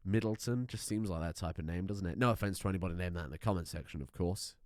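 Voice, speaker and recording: A man's voice: low-pitched, fast, hardly any pauses, darkish tone, no room sound, clean studio sound. A British man commentating a game playthrough from his desk at home, joking and swearing as he goes. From United Kingdom. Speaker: gaming streamer. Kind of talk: let's play commentary.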